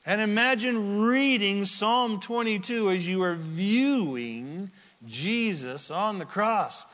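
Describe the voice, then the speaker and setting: In a large hall with long reverb, a man with a high, animated voice preaches at an unhurried pace. His manner is dramatic and teacherly: he poses questions to the listeners and answers them himself, swinging from loud cries to near-whispers.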